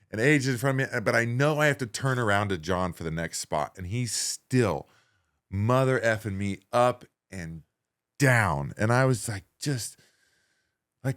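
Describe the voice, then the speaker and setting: A man in his forties, a guest on an interview show, telling a story in a lively way that swings between loud excited bursts and quiet low asides. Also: moderate pace. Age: 40s. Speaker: guest, professional wrestler.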